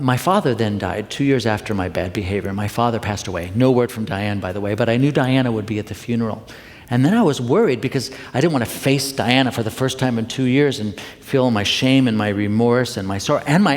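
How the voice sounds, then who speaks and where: A middle-aged man delivers a Sunday talk from the pulpit, confessional and conversational, turning to the congregation with playful questions. His voice sits at an ordinary middle pitch. It rings out into a sanctuary with a long reverb tail. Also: brisk. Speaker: minister. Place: church sanctuary.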